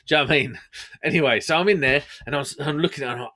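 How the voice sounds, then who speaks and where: A man's voice: fairly high pitch, very fast, sharp tone. A man hosting a podcast, telling stories in casual, laddish banter. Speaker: podcast host. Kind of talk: casual storytelling chat.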